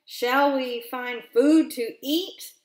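A friendly little lion cub from a storybook, lonely and eager for playmates, as a woman reading aloud puts him on. He asks his questions slowly and hopefully in a voice pitched a bit high. A roomy echo surrounds the voice.

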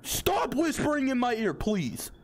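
Jittery young gamer man, pitch all over. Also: big pitch swings, measured pace. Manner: jumpy, swears, pleads with the game. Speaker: gamer playing a horror game. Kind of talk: nervous let's-play commentary.

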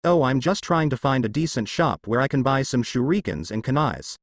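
Guy doing a clueless eager teen ninja boy, earnest, animated, dry sound. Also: medium pitch, brisk, dry recording.

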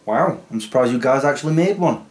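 A man's voice: medium pitch, animated, a little fast, loud music behind the voice. A man chatting casually in a comedy vlog, self-deprecating and chatty. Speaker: vlogger.

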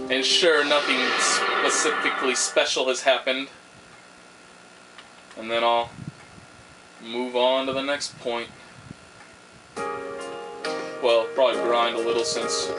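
Sarcastic man talking over loud game music. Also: medium pitch, little pitch movement, slow pace, long pauses, low-quality recording. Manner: casual, rambling, sarcastic. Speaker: gameplay commentator. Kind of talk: let's play commentary. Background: video game music.

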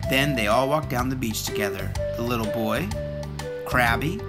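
A storyteller reading a children's picture book aloud in an expressive, sing-song way. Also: mid-range voice, moderate pace, over loud music.

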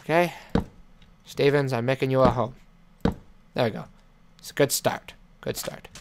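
A man's voice: mid-range voice, fairly even intonation, measured pace. Male let's play host, playful commentary, chides his pet; audible background noise and clicks. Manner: playful, scolds and chats to his in-game animal. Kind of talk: gameplay commentary.

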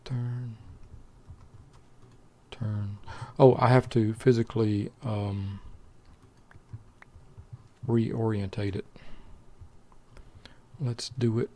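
An older man giving easygoing, slow gameplay commentary meant to help people fall asleep, muttering to himself and bantering with an imagined buddy. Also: lowish voice, little pitch movement, dark tone. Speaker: let's play host.

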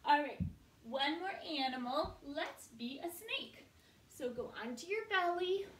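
Very high, slow-speaking young woman teaching toddlers' yoga in an encouraging, sing-song way, recorded from a distance in a roomy space. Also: lively intonation, a little hiss or hum. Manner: cheerful, encouraging, sings short chants. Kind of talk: sing-song children's yoga story time. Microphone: online video from a camera at a distance. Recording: echoey room, voice from far off.

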